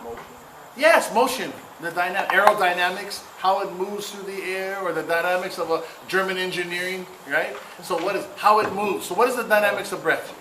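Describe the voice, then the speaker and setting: A man's voice: high voice, fairly quick. A man giving a playful cultural talk, drawing the audience into call-and-response. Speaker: cultural speaker. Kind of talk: interactive public talk. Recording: echoey room, noisy ambience.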